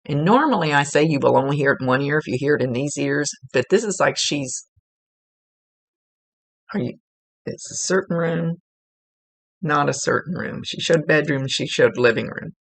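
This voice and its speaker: A woman's voice: deep voice, normal speed, long pauses, dry recording. A woman working as a psychic medium, giving a casual, rambling reading and often correcting herself mid-sentence. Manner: chatty, rambling, self-correcting.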